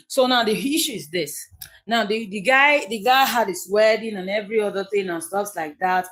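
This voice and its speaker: A woman's voice: mid-range voice, normal speed, fairly bright tone. A Nigerian woman hosting a casual livestream, chatty and emphatic, often repeating her key phrases. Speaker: livestream host.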